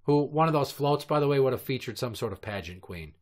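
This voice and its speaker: A man's voice: medium pitch, animated, quick pace, darkish tone. A man in his thirties hosting a comedy podcast, telling crude stories in long, profane, rambling run-on rants. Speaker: podcast host.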